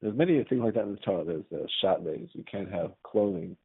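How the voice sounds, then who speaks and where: Animated and brisk, this lowish-voiced man sounds creaky and husky as he teaches a religious class. He lectures in a conversational way and repeatedly tests students with "right?", recorded in tinny, phone-like sound.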